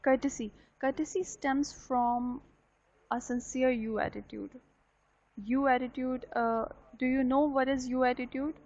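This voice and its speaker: A woman's voice: high voice, fairly even intonation, measured pace, darkish tone. Female university lecturer, live online lesson, repeats key points and checks in with students, lo-fi sound. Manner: explains and repeats points, often asks "right?". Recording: dull lo-fi online session audio.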